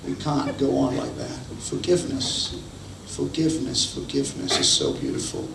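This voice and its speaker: A male pastor preaches a sermon and brings his stories to life by acting out each quote. His voice has a gravelly edge and sounds distant, caught by a far-off mic in an echoey hall with a faint hum behind it. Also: mid-range voice, big pitch swings, a little fast. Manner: storytelling, acts out quotes. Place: church hall.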